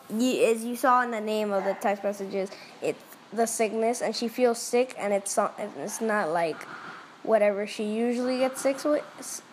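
A woman casually reacting out loud as she reads a chat story, excitable and full of quick exclamations. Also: fairly high pitch, slight background noise. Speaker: vlogger reading a chat story.

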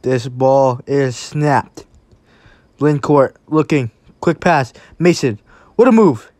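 A live play-by-play commentator stays calm through routine snaps and erupts into excited shouts when big plays happen. His voice sits in the mid-range, he speaks slowly, and there's no echo.

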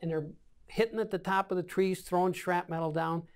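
A man's voice: sits high, fairly even intonation, normal speed. An older man in his seventies tells his war stories as a veteran being interviewed. He talks in a vivid way and acts out each scene with his own gunfire and explosion sounds. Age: 70s. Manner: vivid storyteller acting out scenes with sound effects. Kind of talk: oral-history war recollection.

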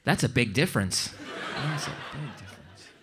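An American man doing stand-up comedy on stage, animated and bursting into loud, shouted impressions. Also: mid-range voice, normal speed, background noise. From United States. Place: stage before a live audience.

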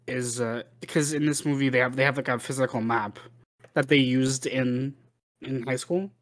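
A man co-hosting a movie podcast, talking loosely and circling back on himself. His pitch sits in a middle register, neither high nor low. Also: fairly even intonation, moderate pace. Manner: rambling, many restarts and "like". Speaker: podcast co-host. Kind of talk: casual film review chat.

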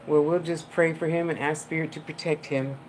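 Low-voiced chatty woman medium. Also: steady tone, brisk, darkish tone, slight background noise. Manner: chatty and affectionate, rambling, laughs often. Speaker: clairvoyant medium giving live readings. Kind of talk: live-streamed psychic reading.

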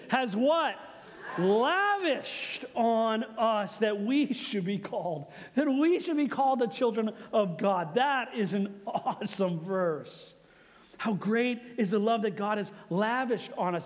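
A male pastor preaching a sermon, leading the congregation in call and response and dropping to a hushed, slow delivery on key phrases. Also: very high voice. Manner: slows and softens for emphasis, leads congregation call-and-response. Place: church sanctuary. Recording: long church reverb.

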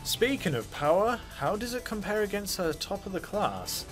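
A man narrating a casual game review in a chatty, offhand way, with jokey asides. His voice sits a little high for a man. Faint music plays behind him. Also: sing-song, moderate pace. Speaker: gaming channel host.

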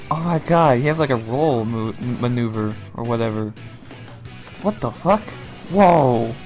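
A young man reacting live to a game presentation, gasping, shouting and swearing in surprise. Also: medium pitch. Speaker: reaction streamer.

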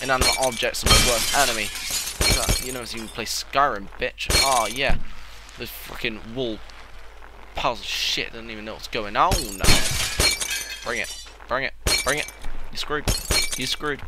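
A young man giving excitable, joking let's-play commentary, crude and sarcastic. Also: medium pitch. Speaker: gaming channel host. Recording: loud background noise.

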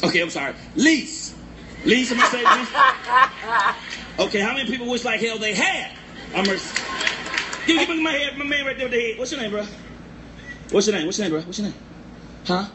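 A man doing a loud, playful stand-up comedy set and teasing the crowd. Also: very high-pitched, expressive, brisk, pauses often. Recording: noisy live recording.

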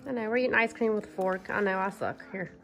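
A woman talking in doting baby talk to her pet monkey at home, often hushed and cooing. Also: medium pitch, steady tone, fast talker, over music. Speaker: pet owner vlogger.

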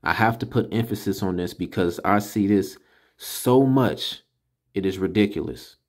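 A man teaching a casual class, correcting pronunciation in an emphatic way and slowly sounding out syllables one by one. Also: fairly low pitch, a little mellow. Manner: slow, deliberate, repeats and sounds out syllables. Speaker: teacher of a religious language class. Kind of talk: casual spoken lesson.

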